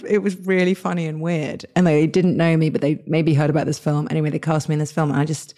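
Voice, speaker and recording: An English woman guest telling stories in a lively, chatty way, with many restarts and quoted asides. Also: low voice, fast talker, hardly any pauses. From England. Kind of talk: casual interview storytelling.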